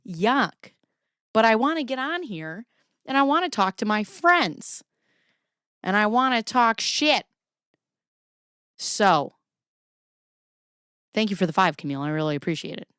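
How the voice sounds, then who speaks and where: A woman's voice: medium pitch, big pitch swings, a little slow, pauses often, a bit bright, clear, resonant tone, dry recording, studio quality. A woman hosting a casual livestream from her home basement, chatty and profane, often laughing as she reads documents and talks to her chat. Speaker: livestream host. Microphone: camera pointed at herself.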